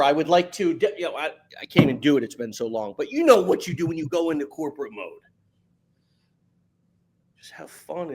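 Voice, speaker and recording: Animated, high-voiced male podcast host. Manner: animated and emphatic, with many stumbles, repeated words and slang. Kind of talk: casual motivational talk.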